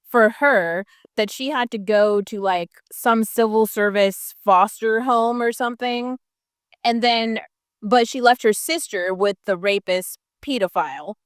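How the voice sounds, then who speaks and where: A woman with a fairly high voice vlogs to camera in a heated, profane rant. She packs it with "like" fillers and laughs in bursts mid-sentence, and the recording is dry with clean studio sound.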